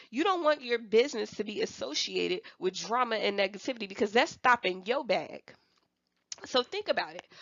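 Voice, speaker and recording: Chatty woman with a gravelly edge. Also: a little high, no room sound, muffled recording. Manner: chatty and animated, often laughs, asks viewers "right?" and "okay?"; slips into playful quoted voices of other people. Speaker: Avon sales representative teaching online selling. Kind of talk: casual coaching talk to viewers.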